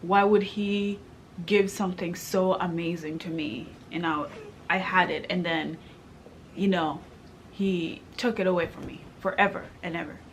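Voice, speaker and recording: A woman's voice: lowish voice, fairly even intonation, a little slow, slight background noise. A young woman from Kenya talking through her struggles with faith in a personal vlog, emotional and questioning, with many fillers. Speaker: vlogger.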